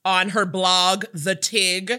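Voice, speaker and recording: A woman's voice: lowish voice, flat delivery, takes it slowly, bright, forceful tone, clear, resonant tone. A woman from the United States co-hosting a podcast in a sassy, playful chat. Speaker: podcast co-host. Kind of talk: casual chat.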